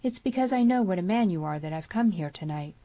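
A woman's voice: lowish voice, expressive, fast, mellow, dry recording, muffled recording, voice pushed up. A woman voicing an earnest young frontier woman. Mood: pleading. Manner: urgent, heartfelt pleading. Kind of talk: audiobook character voice.

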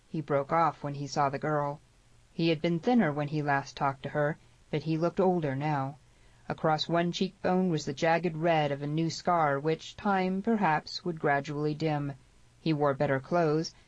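A woman with a lowish voice narrates a western novel in a steady, measured way. The recording is dry and a little dull. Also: no echo. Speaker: audiobook narrator. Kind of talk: scripted storybook narration.

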